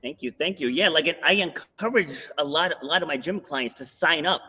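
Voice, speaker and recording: Podcast host, man, middle-aged; bright, slightly husky voice, animated storyteller. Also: on the high side, a little fast, poor audio. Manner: animated storyteller, acts out quotes. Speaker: podcast host and fitness coach. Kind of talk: casual interview storytelling.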